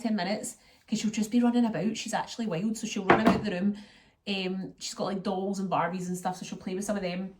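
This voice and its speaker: A young Scottish woman talking to camera in an easy, rambling vlog style. Her voice sits at a middle pitch, and her chat is full of local slang. Her stories run on from one thing to the next. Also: a little mellow. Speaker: vlogger.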